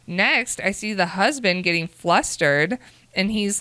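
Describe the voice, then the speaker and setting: A woman's voice: medium pitch, measured pace, bright, forceful tone, dry recording. A woman co-hosting a casual chat show, reading submitted dating stories aloud, acting out the quotes and adding her own comments. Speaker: podcast co-host reading stories.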